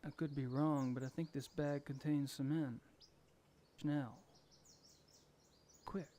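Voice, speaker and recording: A man's voice: on the high side, fairly even intonation, slow, mellow, a little hiss or hum. An actor playing a weary, wry male detective in a video game, delivering lines drily. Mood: dry.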